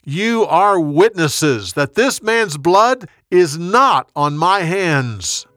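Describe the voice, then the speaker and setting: A man voicing a weary Roman governor in a Bible story reading, speaking in a measured, questioning way. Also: high voice, animated, a bit bright, no echo, clean studio sound, voice pushed up, full character voice. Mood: solemn.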